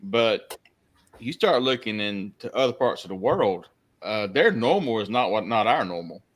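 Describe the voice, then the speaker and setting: A man hosts a casual podcast, drawing his guest out with open questions and thinking out loud about what he hears. His voice sits fairly low. He talks in a relaxed, conversational way. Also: moderate pace. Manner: easygoing, asks open questions and muses aloud. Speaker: podcast host. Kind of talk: casual interview chat.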